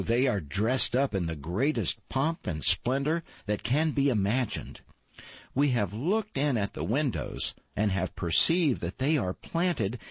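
A man's voice: lowish voice, slightly rough, dry recording, full character voice. Chirpy gossiping sparrows, put on by a man. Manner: chirpy, eager to tell. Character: chattering know-it-all sparrows. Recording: dull lo-fi, dry.

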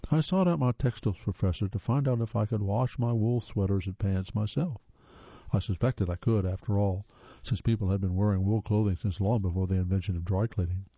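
A man reading audiobook narration in a steady, measured way. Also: fairly low pitch, dry recording. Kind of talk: scripted narration. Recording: dull dry lo-fi audiobook.

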